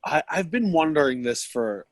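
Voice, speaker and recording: A man's voice: fairly high pitch, animated, moderate pace, no echo. A young man co-hosting a casual podcast from a basement, rambling and emotional with a joking streak. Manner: rambling, emotional, jokey storytelling. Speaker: podcast co-host.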